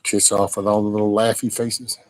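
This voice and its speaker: A man's voice: lowish voice, little pitch movement, fairly quick, dry recording, rough recording. A man in his sixties hosting a casual live stream, chatting bluntly and folksily with plenty of profanity while answering viewer comments.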